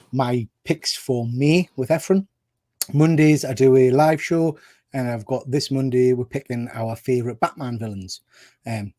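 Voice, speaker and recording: A man speaking as a guest on a casual podcast over a video call. His voice sits at an ordinary pitch with a dry, close sound, and he chats in an easygoing way with plenty of fillers. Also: dark tone, no echo. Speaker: guest, YouTuber. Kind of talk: casual chat.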